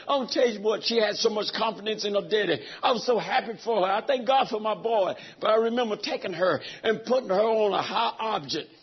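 Emotional high-voiced male preacher. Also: brisk, hardly any pauses, husky. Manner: emotional storytelling, swings from hushed to shouting. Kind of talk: sermon. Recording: dull lo-fi recording.

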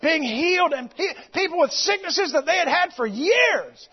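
A man preaching a fiery sermon, shouting with passion and then dropping into casual storytelling. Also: very high-pitched, expressive, normal speed, dull audio. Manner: impassioned, shouting, drops to storytelling.

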